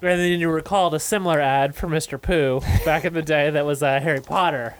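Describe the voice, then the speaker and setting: A man's voice: on the high side, steady tone, brisk, very noisy. A man chatting casually as a podcast co-host, playful, laughing often and jumping between tangents. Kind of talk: casual chat.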